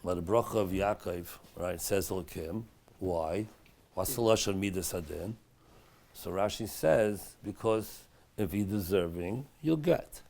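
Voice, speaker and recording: Gravelly low-voiced middle-aged rabbi. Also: male voice, a little slow. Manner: chatty and anecdotal, drops to a hushed voice for dramatic story moments. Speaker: rabbi giving a Torah class. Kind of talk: storytelling Torah lecture. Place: synagogue study hall.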